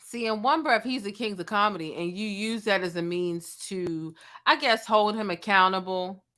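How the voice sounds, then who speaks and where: Woman commentator, bright voice, sassy slangy delivery, gossip breakdown. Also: mid-range voice, moderate pace. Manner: sassy, slangy, mimics people she quotes. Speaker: blogger and commentator. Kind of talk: commentary vlog.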